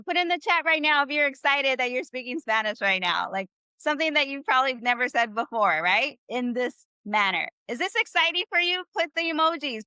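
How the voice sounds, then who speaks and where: Bright, high-voiced upbeat woman teacher. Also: dry recording, highs cut off. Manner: upbeat, encouraging, drills repetition. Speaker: Spanish teacher. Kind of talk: live online language class.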